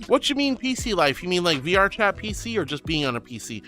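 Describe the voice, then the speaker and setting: A man's voice: high-pitched, big pitch swings, normal speed, sharp tone, faint music behind. A man streaming as a VTuber, reading chat aloud and greeting viewers in an affectionate, bubbly way, calling them sweetie and honey.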